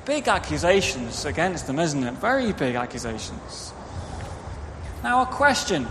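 A man's voice: a little high, sing-song, unhurried, fairly bright tone, slight background noise. A man preaching an interactive children's talk in church, directing the children and acting out quotes into a microphone. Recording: reverberant hall, faint ambience.

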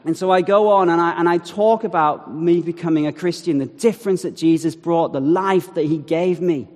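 Man, slightly higher voice, storytelling talk, long hall reverb, acted-out quotes. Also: normal speed. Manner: animated storytelling with acted-out quotes and wry asides. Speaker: speaker telling a testimony.

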